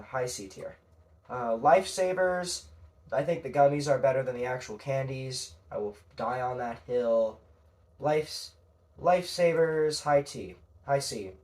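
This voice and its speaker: A young man talking casually on his own, rambling and hesitant, with frequent fillers and casual swearing. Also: mid-range voice. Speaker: podcast narrator. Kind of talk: casual solo commentary.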